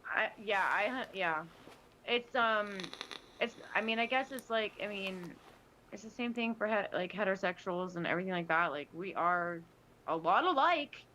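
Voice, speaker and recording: A woman's voice: medium pitch, moderate pace, slight background noise, poor audio. A woman in casual podcast talk, telling stories animatedly with lots of restarts and quoted voices. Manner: animated storytelling with many restarts. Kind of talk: casual chat.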